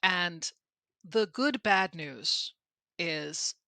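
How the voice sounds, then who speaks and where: A woman's voice: lowish voice, lively intonation, drawn-out words, sharp tone, no room sound. A middle-aged woman co-hosting a podcast about presenting, talking in a candid, emphatic, self-deprecating way. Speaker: podcast co-host and presentation trainer. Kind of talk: conversational podcast chat.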